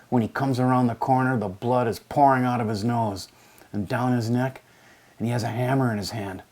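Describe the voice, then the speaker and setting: A man's voice: mid-range voice, a little mellow. A man in his sixties, an English teacher, telling stories to a class in a rambling, digressive way with many fillers. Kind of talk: lecture with a poetry reading.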